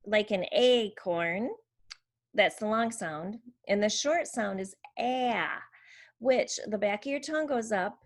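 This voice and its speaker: A woman explaining and demonstrating letter sounds for teaching children, modelling each sound. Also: mid-range voice. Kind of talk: instructional explanation.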